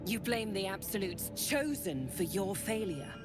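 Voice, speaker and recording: A woman's voice: medium pitch, big pitch swings, a little slow. An actress playing a cold, stern female interrogator who speaks in clipped, commanding phrases. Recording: video game audio with music.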